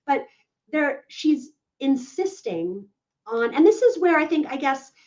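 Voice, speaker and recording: A woman's voice: high voice, lively intonation, unhurried, darkish tone. Emphatic woman legal analyst, lo-fi sound. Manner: emphatic, keeps checking in with "right?". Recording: dull lo-fi audio.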